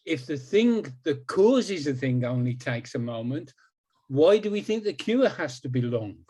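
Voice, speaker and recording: A man's voice: a little high, big pitch swings, measured pace, mellow. A man in his sixties, a hypnotist guest in a conversational interview, talking emphatically and repeating words for stress.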